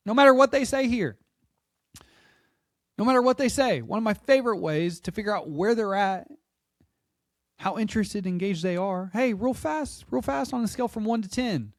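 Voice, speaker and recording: Male sales trainer, energetic teaching delivery, voice on the higher side, dry close mic. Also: fairly quick, dry recording. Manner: energetic, role-plays sales calls. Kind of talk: sales coaching lesson.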